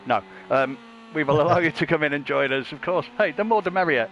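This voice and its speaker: Bloke joking around while calling races, kinda muffled audio. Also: male voice, fairly high pitch, lively intonation, a little fast, fairly bright tone, a little hiss or hum. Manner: jokey, crude, laughs often. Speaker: livestream race commentator. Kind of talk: casual banter commentary.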